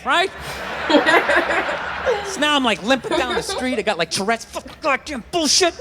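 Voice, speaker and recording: A man's voice: extremely high pitch, lively intonation, normal speed, crowd noise, noisy background. A man doing a stand-up comedy set on stage in front of a live audience, telling a profane story that builds into ranting outbursts.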